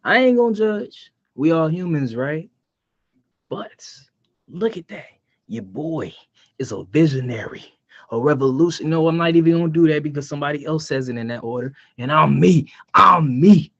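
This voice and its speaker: Male podcast co-host, cocky playful trash talk, slightly high voice, dull audio. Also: animated, moderate pace, fairly bright tone. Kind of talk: casual podcast banter. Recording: dull lo-fi sound.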